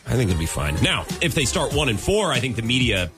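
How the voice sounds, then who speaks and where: A man co-hosting a casual sports radio show with a dry, deadpan humor. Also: mid-range voice, quick pace, music in the background.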